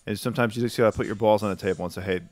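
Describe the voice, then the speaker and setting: A man's voice: lowish voice, fairly even intonation, very fast. A man co-hosting a casual chat, easygoing and reflective about sales work. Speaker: podcast co-host.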